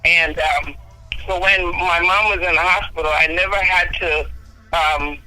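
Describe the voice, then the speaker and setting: Earnest woman in her fifties, bright voice. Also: lowish voice, steady tone, no echo, rough recording. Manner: earnest, unhurried storytelling. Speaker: guest. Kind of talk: telling a personal life story.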